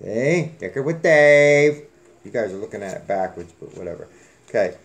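A man hosts a casual giveaway drawing on his channel, joking and rambling in a folksy manner. He speaks at normal speed in an animated, medium-pitched voice.

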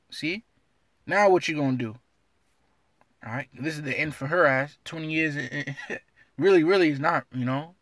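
A man's voice: on the high side, measured pace, long pauses, fairly bright tone, no echo, studio quality. A man giving an informal scripture lesson, blunt and streetwise, tagging his lines with "man" and reading verses aloud in an old-fashioned cadence. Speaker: religious teacher.

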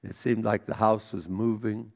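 Gravelly-voiced pastor preaching a sermon. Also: male voice, lowish voice, level tone, moderate pace. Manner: storytelling, swings from hushed to emphatic.

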